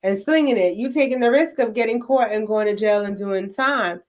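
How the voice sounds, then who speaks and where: A woman's voice: on the high side, moderate pace, darkish tone. A woman podcast host asking casual, probing questions, with many fillers.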